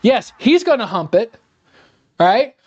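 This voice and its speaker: A man's voice: very high voice, very animated, a little slow, darkish tone, dry recording, lo-fi sound. A man rambling sarcastically and animatedly in casual chat while he cooks live in his home kitchen. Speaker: live-streaming home cook. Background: faint music.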